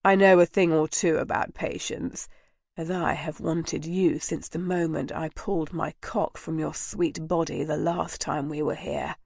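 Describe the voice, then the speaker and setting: A woman reading a storybook nobleman lover, giving him a low, soft, intimate delivery. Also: fairly even intonation, unhurried, gravelly, no room sound, heavily acted. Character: male nobleman lover, tender and commanding.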